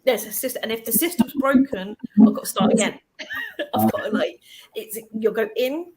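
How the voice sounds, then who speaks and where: A woman chatting as a guest, animated and laughing often as she talks. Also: a little high, moderate pace, a crowd in the background, low-quality recording. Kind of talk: casual chat.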